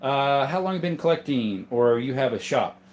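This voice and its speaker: Man, 30s, from southern Arizona. Relaxed livestream host, mid-pitched voice, reads out chat and thanks viewers by name. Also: moderate pace. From southern Arizona, USA. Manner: laid-back, chatty, greets viewers by name. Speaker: livestream host and gun collector. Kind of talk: casual livestream chat reading comments.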